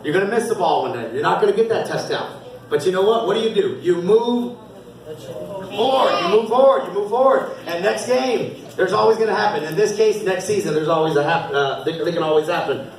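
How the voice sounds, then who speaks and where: A man with a high voice speaks as a youth football coach handing out awards at a team banquet. He is upbeat and encouraging, laughing often. The sound carries the echo of a big hall, heard from some distance off the mic. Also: quick pace, crowd noise.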